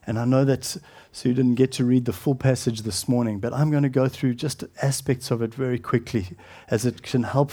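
A middle-aged man preaching a sermon as pastor, earnest and often dropping to a hushed, solemn tone, with halting restarts. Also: mid-range voice.

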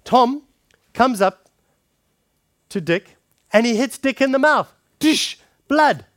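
A man preaching a sermon, calling his listeners friends and shifting between forceful punches and hushed scripture reading. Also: very high-pitched, lively intonation, takes it slowly, dry recording, studio quality. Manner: emphatic, addresses the congregation directly as friends.

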